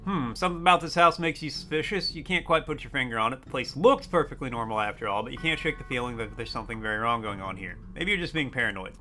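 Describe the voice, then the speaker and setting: A man's voice: medium pitch, expressive, fast, hardly any pauses, pushed and bright. A man streaming a game, reading its text aloud in a playful, jokey way. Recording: faint music behind.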